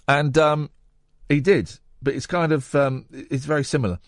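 Talking at a normal speed, a man hosts a late-night radio program, rambling and cracking jokes with lively swings in pitch. The recording is dry and studio quality, captured on a studio microphone.

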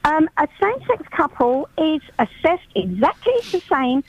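High-voiced woman caller on dull line. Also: big pitch swings. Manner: earnest, halting with fillers. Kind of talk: phone-in opinion. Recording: dull dry phone line.

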